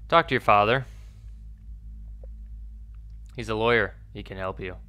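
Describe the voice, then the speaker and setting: A man's voice: on the low side, fast talker, sharp tone, clear, resonant tone. A man voicing a worried middle-aged mother in a game, reading her lines in his own voice with an anxious, pleading tone.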